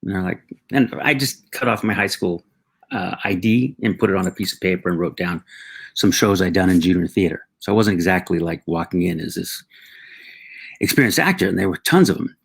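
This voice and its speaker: Middle-aged male guest, reflective storyteller, husky and gravelly delivery. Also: sits low. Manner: reflective, halting, with frequent restarts and acted quotes.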